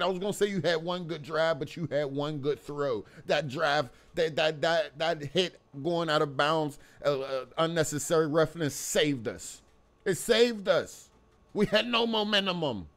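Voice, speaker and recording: A young man with a fairly bright, somewhat high voice rants angrily to the camera on his sports channel about his team's loss. He swears freely and repeats himself as he gets worked up.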